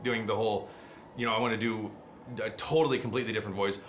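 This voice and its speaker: A middle-aged man, a voice actor, telling animated stories in a casual interview. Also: lowish voice, a little hiss or hum. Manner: fast, animated anecdotes with quick asides.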